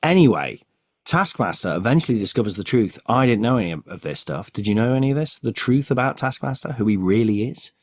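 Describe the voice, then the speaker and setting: A man's voice: fairly low pitch, expressive, a little fast, no room sound, studio quality. A man co-hosting a podcast, eagerly retelling comic stories and acting out the quotes. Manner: enthusiastic, storytelling, acts out quotes. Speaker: podcast co-host. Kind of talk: casual comic-book chat.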